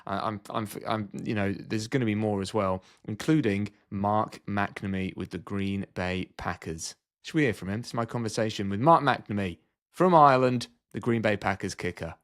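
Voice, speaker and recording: A man's voice: on the low side, fairly even intonation, moderate pace, hardly any pauses, no echo, clean studio sound. A man hosting a podcast, chatting energetically with frequent fillers. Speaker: podcast host. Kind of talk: casual podcast interview.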